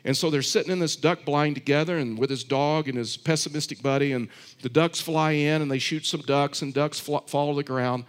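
A man's voice: fairly high pitch, fairly even intonation, fairly quick. A man preaching a sermon, earnest and repetitive, telling stories with frequent restarts. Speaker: pastor.

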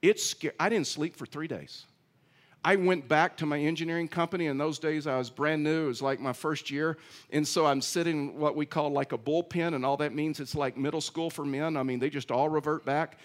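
A man's voice: fairly high pitch, steady tone, a little fast. A male pastor preaching a sermon in a conversational, storytelling way with self-deprecating humor. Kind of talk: sermon with personal stories.

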